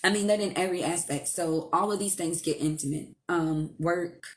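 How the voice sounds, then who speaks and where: A woman hosting a casual live stream from home, giving spiritual advice in a blunt, profane, animated way. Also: on the low side, normal speed. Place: at home with her child nearby.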